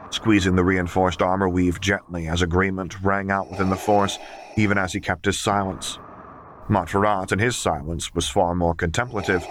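A man narrating a fan fiction audiobook in a steady, measured storytelling manner. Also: sits low, slight background noise. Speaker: audiobook reader.

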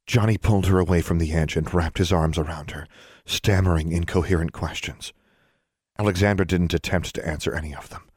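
Low husky male audiobook narrator. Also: steady tone, fairly quick, darkish tone. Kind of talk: scripted narration.

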